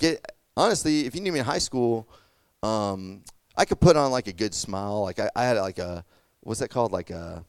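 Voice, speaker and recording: A man's voice: lowish voice, a little mellow, no room sound. A young man giving a casual sermon, chatty and full of fillers, checking in with "okay?" and "does that make sense?". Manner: conversational, lots of fillers and "okay?" check-ins. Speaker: youth pastor.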